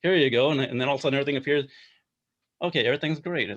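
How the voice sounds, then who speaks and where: A man's voice: medium pitch, rapid-fire, fairly bright tone, muffled recording. A man speaking as a podcast guest, chatty and casual, with a mid-range voice, often acting out small exchanges. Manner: chatty, acts out little exchanges. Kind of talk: casual chat.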